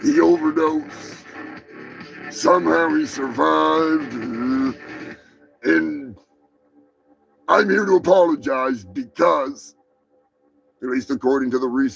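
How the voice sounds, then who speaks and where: A man hosting a live podcast, giving a profane mock apology that swings from slow solemn talk to shouted rage. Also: medium pitch, creaky, low-quality recording. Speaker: podcast host. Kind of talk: mock-apology comedy rant.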